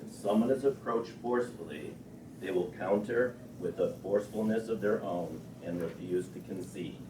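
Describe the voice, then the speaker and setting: A man in a class reading a text aloud in a steady, careful way. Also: low-pitched, normal speed. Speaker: class participant. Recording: distant and roomy, with background noise.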